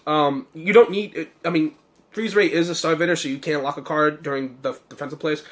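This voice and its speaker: A young man, slightly hoarse, casually talking through his card game deck with many fillers and self-corrections. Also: a little high, steady tone, fairly quick.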